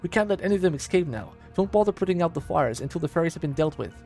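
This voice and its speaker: A man's voice: on the high side, lively intonation, darkish tone, faint music behind. Give me a man playing a cold soldier commander giving harsh, clipped orders. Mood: commanding. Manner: barking orders, slow and clipped.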